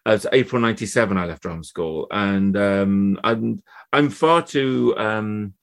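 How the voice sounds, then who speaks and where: A man's voice: fairly low pitch, a little slow, gravelly. A man in his fifties, an actor guest from England, telling stories in a chatty, laughing way on a podcast. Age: 50s. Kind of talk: casual podcast chat.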